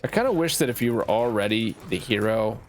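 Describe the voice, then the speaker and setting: A man's voice: on the low side, lively intonation, a little fast. A man with a Canadian accent and a nasal-sounding voice, rambling and swearing casually through gameplay commentary as a streamer. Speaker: game streamer.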